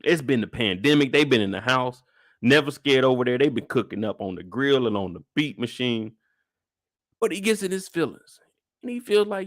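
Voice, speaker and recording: A young man hosting a casual live recap show, joking and profane, ranting with sudden high-pitched bursts of outrage. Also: very animated, moderate pace, no echo, studio quality. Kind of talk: animated casual recap chat.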